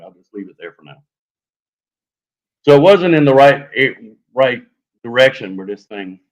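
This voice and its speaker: A man telling a story on a live show in a lively, animated way, acting out sounds as he goes. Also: fairly low pitch, highs cut off. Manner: animated, lively retelling with fillers and sound effects. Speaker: guest telling an encounter story.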